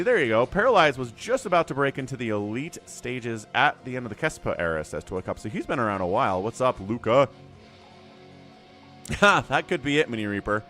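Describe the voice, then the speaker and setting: An excitable man commentates a strategy game live, his pitch swinging high and low as the action heats up. He talks in a chatty, casual way, with faint music playing underneath. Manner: excitable, chatty, reads out viewer chat. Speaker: game caster.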